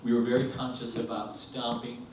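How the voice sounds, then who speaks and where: A man spins a rambling story at a live storytelling night, stopping and restarting, acting out what people said. His mid-pitched voice comes from some way off the mic and rings through a very echoey hall, with faint noise underneath. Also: moderate pace, distant mic. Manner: rambling, animated, acts out quotes. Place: live event venue, indoors.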